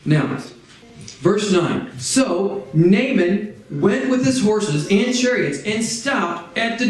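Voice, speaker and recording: A male pastor preaches with a high voice that swings widely as he tells the story. He acts out the figures in a loose, conversational way. The recording rings with heavy room echo. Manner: animated storytelling, acts out biblical figures casually. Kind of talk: sermon.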